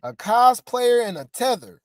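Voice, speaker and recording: A woman's voice: a little high, sing-song, a little slow, a little mellow, no room sound, studio quality. A woman hosting gossip commentary in a casual, sassy way, often repeating her phrases.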